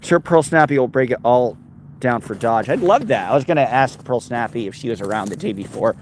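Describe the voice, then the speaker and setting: A man's voice: medium pitch, expressive, brisk, slight background noise. A man livestreaming casually on a road trip, rambling, reading chat aloud and talking to his dog. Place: outdoors and in a car on a road trip.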